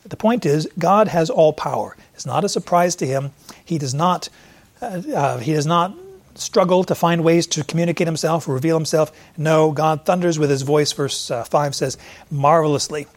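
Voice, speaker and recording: A middle-aged man preaching a sermon, lively and acting out the voices he quotes. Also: a little high, moderate pace. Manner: animated, acts out voices in quotes. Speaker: pastor.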